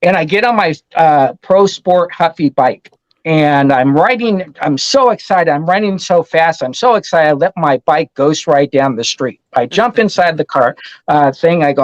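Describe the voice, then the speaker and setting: Man in his fifties, animated storyteller, slightly high voice, dull lo-fi call audio, dry sound. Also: normal speed, dry recording. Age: 50s. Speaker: comic store owner guest. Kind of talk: casual storytelling.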